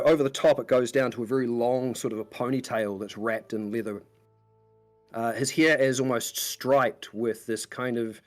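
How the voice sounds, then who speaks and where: A man runs a tabletop game as game master, describing scenes and people at length in a loose, meandering way. His voice sits at an ordinary middle pitch, with faint music playing under him.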